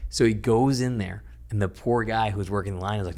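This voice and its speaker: A man's voice: sits low, fairly even intonation, brisk, a little mellow. A man, a stand-up comedian guest on a podcast, rambling through a story and laughing as he tells it. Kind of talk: casual podcast chat.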